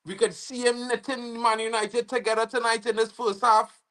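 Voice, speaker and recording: Excitable Trinidadian man calling a match. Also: very high voice, normal speed. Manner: excitable, slangy, bursts into shouting at goals. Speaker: football fan livestream host. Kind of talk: live match watch-along commentary.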